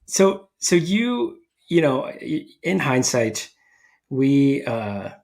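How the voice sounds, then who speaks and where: A male podcast host speaks at a middle pitch. He talks hesitantly and reflectively as he shapes a question. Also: very animated, very slow, vocal fry, crowd noise. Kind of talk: casual interview.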